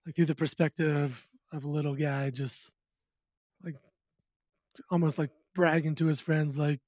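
A man's voice: fairly high pitch, flat delivery, a little slow, a little mellow, no room sound, clean studio sound. A man being interviewed about his music who talks in an easygoing, casual way and laughs often. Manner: easygoing, laughs often, slips into playful quoted voices. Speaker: musician guest.

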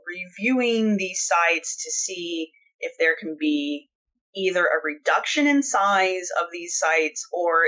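A woman's voice: deep voice, a bit bright, muffled recording. A woman co-hosting a podcast, giving blunt, opinionated and sarcastic commentary in casual discussion. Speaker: podcast co-host.

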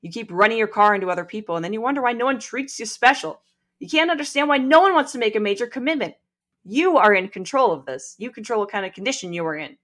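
A woman's voice: a little high, animated, fast, fairly bright tone. A woman hosting a podcast, reading aloud from a book with wry asides and frequent laughs. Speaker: podcast host.

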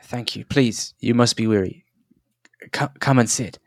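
A man voicing a wounded male high-elf captain who speaks wearily and formally. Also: measured pace, no echo, studio quality. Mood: weary. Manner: weary, formal.

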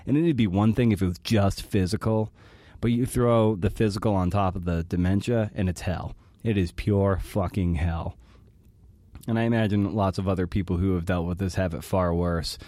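Halting, low-voiced male podcast host. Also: steady tone, warm tone, dry recording, studio quality. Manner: halting and emotional, with many restarts. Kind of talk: personal monologue.

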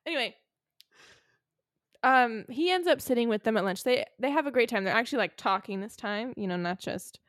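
A woman's voice: on the high side, lively intonation, a little fast, a bit bright, no room sound, clean studio sound. A young woman co-hosting a podcast, telling a made-up story in a rambling, casual way full of "like" and "okay". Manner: rambling, filler-heavy storytelling, lots of "like" and "okay". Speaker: podcast co-host. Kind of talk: casual chat.

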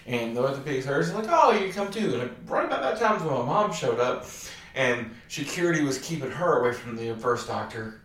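A man's voice: fairly high pitch, reverberant. A man telling a personal anecdote in a casual, rambling way, with a wry tone and many "um"s. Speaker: storyteller.

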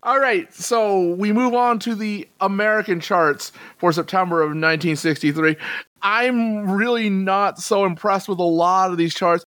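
A man's voice: high voice, unhurried, fairly bright tone, no room sound. A man hosting a music podcast, introducing the episode in a laid-back way. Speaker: podcast host.

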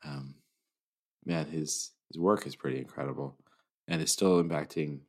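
A man co-hosting a casual podcast, rambling and trailing off mid-thought in a sleepy, low-key way. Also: steady tone, moderate pace. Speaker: podcast co-host.

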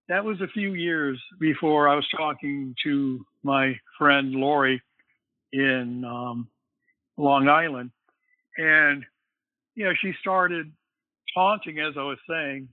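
A man's voice: a little high, no echo. A man, a guest, casually telling a long story in a rambling way, filled with "you know.". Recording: phone-like line, dry.

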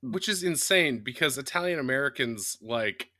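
A man co-hosting a podcast in casual chat, animated and rambling, often laughing. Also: mid-range voice, moderate pace, no room sound, studio quality. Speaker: podcast co-host.

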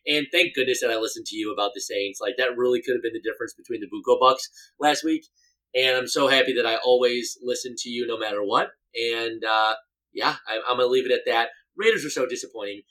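A co-host of a laid-back sports podcast who rambles and jokes. The voice sits in a middle pitch, and the talk wanders with fillers and restarts. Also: quick pace, pushed and bright, poor audio. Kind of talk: casual sports chat.

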